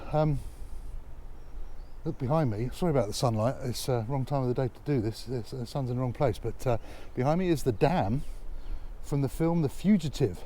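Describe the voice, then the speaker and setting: A man's voice: medium pitch, normal speed, warm tone, a little hiss or hum. An English man vlogging outdoors on a motorcycle trip, chatty with dry self-mocking humor. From England. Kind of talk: casual travel vlog.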